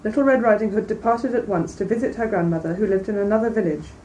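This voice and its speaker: A woman reading a classic fairy tale aloud in a measured, clear way, then commenting on it as a lecturer. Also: medium pitch, mellow. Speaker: reader and lecturer. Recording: distant mic, faint background noise.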